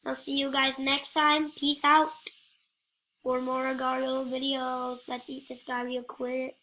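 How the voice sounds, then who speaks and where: A woman's voice: high-pitched, little pitch movement, measured pace, bright, forceful tone, a little hiss or hum. A woman giving playful, rambling gameplay commentary, joking and talking to the other players.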